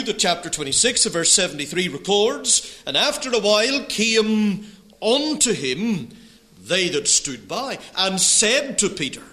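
A man preaching a sermon, reading scripture aloud in an expressive, rising and falling delivery. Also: sits high. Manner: reads scripture aloud in old biblical wording.

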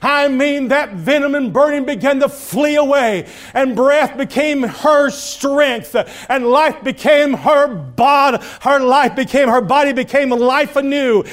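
Man, high voice, dramatic storytelling preacher. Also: a little slow, few pauses. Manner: dramatic storytelling preacher, swings from hushed to loud. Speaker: pastor. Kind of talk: sermon.

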